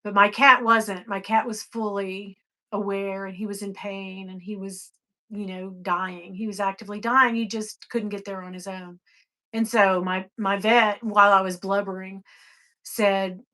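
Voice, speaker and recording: A middle-aged woman hosting a casual livestream, chatting and reading viewer comments. She moves between soft, sighing passages and sudden excited high bursts. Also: normal speed. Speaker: livestream host.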